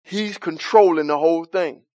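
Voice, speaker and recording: A man's voice: on the high side, moderate pace, darkish tone, dry recording. A man leading an interactive Bible study, asking the group questions, chuckling often and talking in a loose, informal way.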